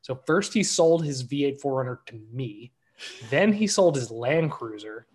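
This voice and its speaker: A man co-hosting a podcast in casual chat, relaxed and explanatory with dry humor. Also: mid-range voice, a little slow, husky. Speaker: podcast co-host.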